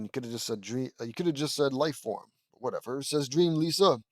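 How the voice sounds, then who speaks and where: An audiobook reader and commentator reads a fan story aloud in a casual way, often drifting into rambling asides where he corrects himself. His medium-pitched voice is expressive and brisk, with hardly any pauses, and the recording is dry.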